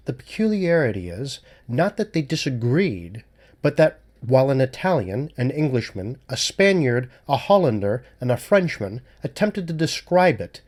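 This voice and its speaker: A man voicing a cool-headed male amateur detective who lays out his reasoning in a measured, lecturing way in an audiobook reading. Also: mid-range voice, a little mellow.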